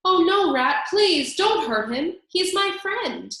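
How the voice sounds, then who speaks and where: A woman doing a gentle young princess. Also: a little high, a little fast, very echoey. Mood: pleading.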